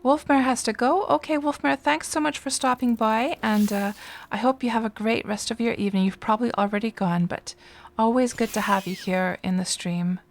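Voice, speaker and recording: A woman's voice: on the high side, steady tone, moderate pace, gravelly, hardly any pauses. A woman streaming a game live, chatting casually with viewers and reacting to the gameplay between replies, speaking into a desk microphone. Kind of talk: casual live-stream chat while playing.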